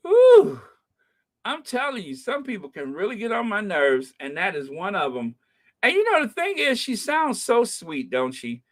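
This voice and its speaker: A woman hosting a live commentary stream, ranting in an animated, heckling way and laughing often. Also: medium pitch, moderate pace. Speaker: channel host.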